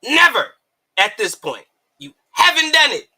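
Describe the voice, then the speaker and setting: Man, high voice, piercing edge; heated profane boxing rant with bursts of shouting. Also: sing-song, measured pace. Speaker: boxing commentator. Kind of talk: ranting commentary.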